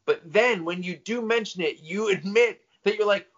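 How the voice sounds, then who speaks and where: This middle-aged man co-hosts a podcast, keeping the chat casual as he teases and interrupts his partner and laughs readily. His voice is high and fairly bright, and the podcast audio sounds dull and lo-fi.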